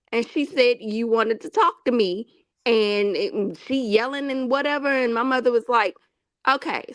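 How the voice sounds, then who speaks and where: A woman hosting a casual chat, telling a story with lively acted-out quotes and frequent laughter. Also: fairly high pitch, no echo. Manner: animated storyteller, acts out quotes, laughs often. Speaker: host.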